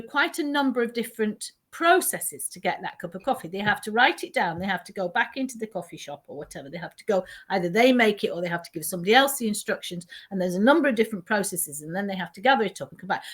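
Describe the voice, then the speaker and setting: A woman trainer explaining ideas in a conversational way, animated and quick to laugh, often restarting her sentences. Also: on the high side. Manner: animated, self-interrupting storyteller who laughs often. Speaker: teaching trainer.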